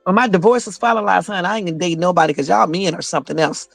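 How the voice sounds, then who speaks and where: A woman's voice: on the low side, rapid-fire, gravelly, dry recording, faint music behind. A woman hosting a casual livestream on her phone, telling stories in a blunt, sassy, profane way. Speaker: YouTube livestream host.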